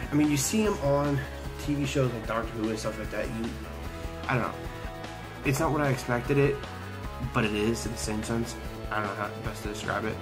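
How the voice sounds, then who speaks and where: A man's voice: mid-range voice, low-quality recording. A young man chatting casually in a travel vlog, rambling and hesitant with many fillers and restarts. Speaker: vlogger. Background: background music.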